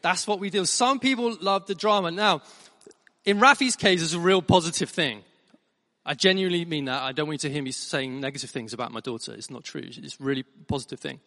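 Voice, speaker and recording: Middle-aged male pastor, bright, emphatic storytelling preacher, slightly high voice, long church reverb. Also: fairly quick. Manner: animated storytelling with emphatic repeats. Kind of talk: sermon.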